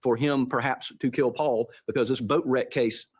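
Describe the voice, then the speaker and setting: A man's voice: medium pitch, fairly even intonation, moderate pace, a little mellow, slightly rough. A man serving as a supreme court justice, questioning counsel at oral argument in a courteous, searching way with many hesitations.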